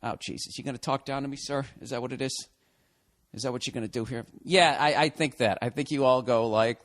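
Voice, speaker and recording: A man's voice: mid-range voice, animated, a little fast, a bit bright. A man, a podcast host, reading out a listener email and answering it with rambling, profane sarcasm.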